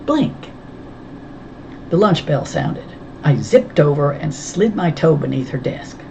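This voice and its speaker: A woman's voice: sits low, expressive, measured pace, vocal fry, mellow, highs cut off, slight background noise. Wry woman reading an audiobook. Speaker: audiobook reader. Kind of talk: first-person audiobook narration.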